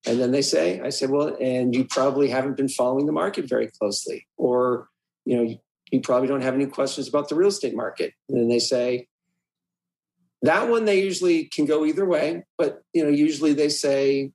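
Man, realtor guest, casual interview, animated, quotes himself, laughs often. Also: medium pitch, moderate pace, creaky, poor audio. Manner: animated, acts out his door-knocking lines, laughs often.

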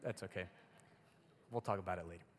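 A man's voice: sits low, fast. A young man preaching a casual, chatty sermon to a youth group, using a lot of filler words. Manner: casual, chatty, heavy use of "like". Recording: long hall reverb.

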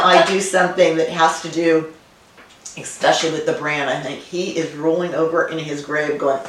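A low-voiced woman winemaker, appearing as a guest in a casual conversational interview, talks fairly quickly with fairly even intonation. Her warm stories come with frequent fillers and restarts, captured in a roomy, distant recording with faint noise.

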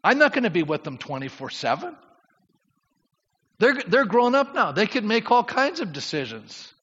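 Middle-aged male pastor, high voice, animated sermon delivery, dull recording in a reverberant hall. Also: normal speed, husky. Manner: animated, rising to near shouts when preaching. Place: church sanctuary. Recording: muffled church recording with long reverb.

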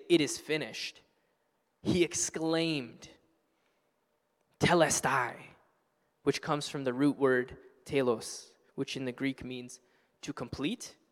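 A man preaching a sermon as pastor, earnest and passionate, building to loud exclamations. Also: a little high, in a large hall. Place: church sanctuary.

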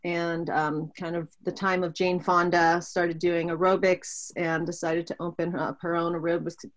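A woman's voice: fairly low pitch, little pitch movement, moderate pace. Chatty woman from Pittsburgh. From Pittsburgh, Pennsylvania. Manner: chatty, with frequent ums and restarts. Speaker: guest. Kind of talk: casual conversational interview.

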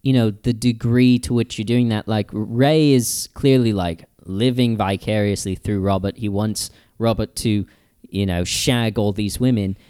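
A man's voice: on the low side, steady tone, unhurried, mellow, clean tone, no echo, clean studio sound. A man co-hosting a comedic podcast, chatting casually with a British accent and a jokey manner. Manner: jokey, plays a British character bit. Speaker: podcast co-host.

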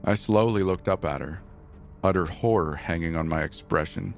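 A man narrating a first-person horror story in a slow, grave, measured way. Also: low voice, creaky. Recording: narration over faint background music.

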